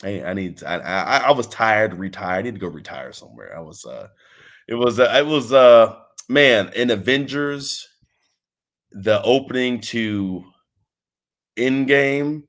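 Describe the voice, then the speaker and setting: Rambling, animated man telling stories. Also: fairly low pitch, measured pace. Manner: animated storyteller, rambling with restarts, acts out quotes. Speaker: interview guest, wrestling trainer. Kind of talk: casual interview chat.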